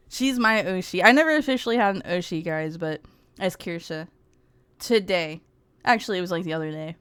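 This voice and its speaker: A woman's voice: on the low side, clean tone, dry recording. A woman streamer in casual, sarcastic livestream commentary, rambling and giggling often.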